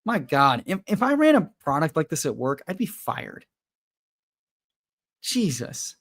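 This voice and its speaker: A man's voice: fairly high pitch, sing-song, measured pace, long pauses, a bit bright. Profane ranting male livestream host. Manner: profane, exasperated ranting, then chatty with viewers. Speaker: fantasy football livestream host. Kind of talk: casual livestream chat and rant.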